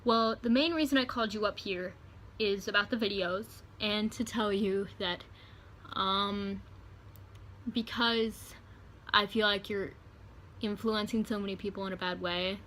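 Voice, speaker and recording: A woman voicing a stern, condescending female school principal in a measured, patronizing way. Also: mid-range voice, a bit bright, a little hiss or hum, natural voice.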